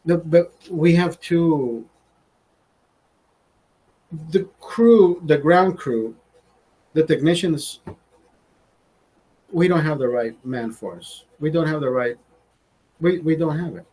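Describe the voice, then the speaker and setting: A man hosting a show, ranting in a heated, foul-mouthed, stop-and-start way. His voice sits a bit high and has a husky edge. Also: slow pace, pauses often, warm tone, rough recording. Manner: heated, swears constantly, restarts sentences. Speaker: host. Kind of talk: casual profane rant.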